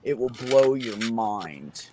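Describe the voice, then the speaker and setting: A man chatting casually on a podcast, telling excited stories and swearing often. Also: medium pitch, slow, a little hiss or hum. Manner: excited storytelling, frequent swearing. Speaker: podcast host. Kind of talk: casual chat.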